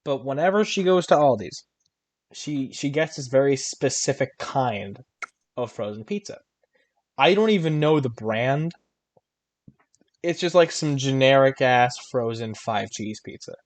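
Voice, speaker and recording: A man's voice: mid-range voice, expressive, measured pace, no room sound. Rambling young man, dry close sound. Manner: rambling storyteller with many restarts and fillers. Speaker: podcast co-host. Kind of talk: casual chat.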